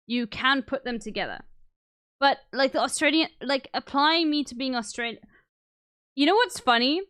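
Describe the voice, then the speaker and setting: A woman's voice: fairly high pitch, fairly bright tone, smooth, no room sound, clean studio sound. Zimbabwean woman with a British-tinged accent. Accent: white Zimbabwean with British influence. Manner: rambling, profane, explanatory. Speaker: streamer. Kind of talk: casual live-stream chat while gaming.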